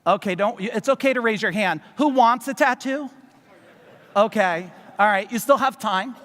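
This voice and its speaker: A man from New Jersey giving a loud, fast, profane motivational business seminar to a live audience in a large hall. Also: sits high. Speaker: business speaker. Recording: long reverb of a large hall.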